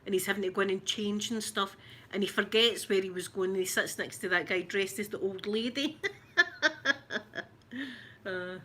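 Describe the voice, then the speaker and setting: A woman's voice: mid-range voice, steady tone, normal speed, long pauses, a bit bright. A middle-aged woman from Glasgow with a Glaswegian Scottish accent, chatting in a rambling, giggly way while unboxing makeup. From Glasgow, Scotland. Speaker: ASMR channel host.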